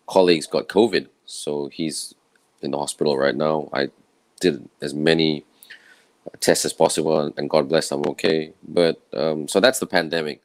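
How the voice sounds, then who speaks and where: A man from Malaysia with a croaky, tired voice, giving an earnest, rambling personal talk from home. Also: rumbling low, dry recording, poor audio. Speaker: event speaker. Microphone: own camera and microphone setup.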